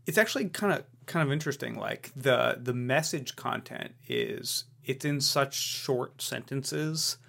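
A male podcast co-host with a gravelly, creaky voice. He talks casually, wandering through his thoughts and second-guessing himself as he goes. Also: medium pitch, lively intonation, unhurried, hardly any pauses, a bit bright. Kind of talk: casual chat.

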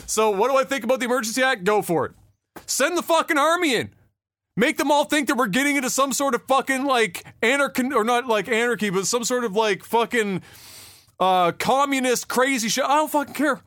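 A man's voice: extremely high pitch, a little fast, fairly bright tone, no echo, studio quality. A man co-hosting a podcast, ranting in casual chat with plenty of swearing and mocking impressions. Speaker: podcast co-host.

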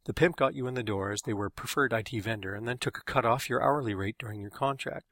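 A man's voice: mid-range voice, fast talker, fairly bright tone, no echo, clean studio sound. A man reading his own story in wry, matter-of-fact first-person narration.

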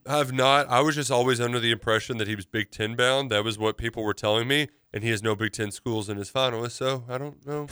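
A chatty man co-hosts a radio show, loose and casual and full of "like." His voice is bright and smooth. The sound is close and dry. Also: medium pitch, steady tone, fast, hardly any pauses, no room sound. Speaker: co-host of a radio sports and politics show. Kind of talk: casual talk-radio banter.

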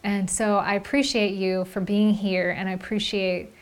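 Young woman, solo podcast host, sincere and emotional, reflective monologue, everyday mid-pitched voice. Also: little pitch movement, normal speed, clear, resonant tone. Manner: earnest, heartfelt, with frequent "like" fillers.

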